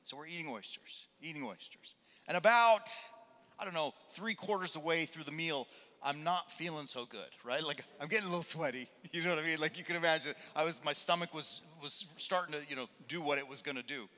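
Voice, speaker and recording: A man preaching as a pastor in a church, his slightly high, bright and forceful voice carrying a long hall reverb. He tells his story in a lively, conversational way, the way a preacher speaks from the pulpit. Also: a little fast. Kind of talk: sermon with a humorous personal story.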